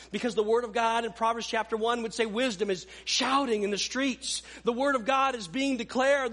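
A male pastor delivering a sermon, emphatic, dropping to hushed asides. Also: high-pitched.

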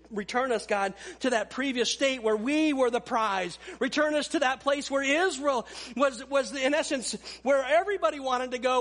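Male pastor, high-pitched, emphatic sermon delivery with hushed asides.

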